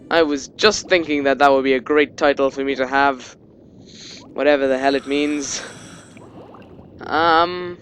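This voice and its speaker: A man's voice: a little high, moderate pace, pauses often, a bit bright, faint music behind. Rambling young man commenting on a game. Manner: rambling, joking, swears casually. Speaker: let's play commentator.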